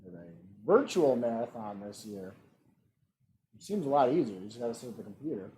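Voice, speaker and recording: Relaxed, lively-voiced male trivia host. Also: mid-range voice, fairly quick. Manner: reads multiple-choice options evenly, adds relaxed joking asides. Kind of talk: hosting an online trivia game.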